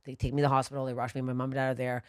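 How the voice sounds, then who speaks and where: A woman co-hosting a podcast, telling a story in a profane, animated way that swings from low muttering to loud bursts. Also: racing, no echo, clean studio sound. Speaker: podcast co-host. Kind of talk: storytelling in casual podcast chat.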